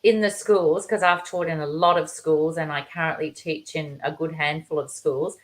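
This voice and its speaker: Lively low-voiced woman, teacher storytelling. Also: normal speed, rough recording. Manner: animated storyteller, acts out quoted voices. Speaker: guest, teacher. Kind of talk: conversational interview.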